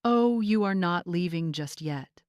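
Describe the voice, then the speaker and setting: A woman voicing a retired homeowner in her seventies who speaks with calm, clipped authority. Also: fairly low pitch, a little slow, no room sound, studio quality. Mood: cool. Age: 70s.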